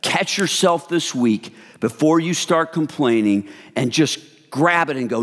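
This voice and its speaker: A man's voice: fairly high pitch, a little slow, hardly any pauses. Preaching man in a reverberant hall. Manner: animated preaching, acts out gossip in hushed voices. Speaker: pastor. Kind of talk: sermon.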